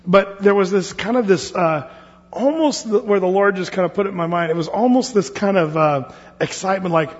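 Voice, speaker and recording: A pastor from Oregon leading a Bible study in a church hall, talking casually with many fillers and restarts. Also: male voice, high-pitched, brisk. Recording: dull lo-fi sound with long hall reverb.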